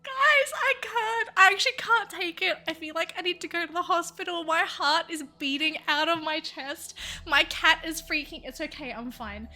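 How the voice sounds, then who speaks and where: Very high-pitched excitable woman gamer. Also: moderate pace. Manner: excitable, gushing, talks to viewers as guys. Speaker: VTuber game video host. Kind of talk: game video commentary.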